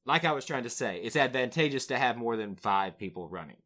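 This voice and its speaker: A man's voice: medium pitch, animated, brisk, sharp tone. Joking man co-hosting a sports chat. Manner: joking, self-deprecating. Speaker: podcast co-host.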